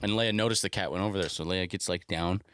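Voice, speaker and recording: A man's voice: low-pitched, fairly even intonation, fast, a bit bright, clear, resonant tone, dry recording. A young man co-hosting a podcast, telling stories in a laid-back way and swearing casually. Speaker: podcast co-host. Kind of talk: casual chat.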